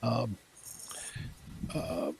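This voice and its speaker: A man's voice: mid-range voice, extremely slow, creaky, a little mellow, slightly rough, low-quality recording. A man narrating a tabletop game as game master, setting scenes loosely with many fillers.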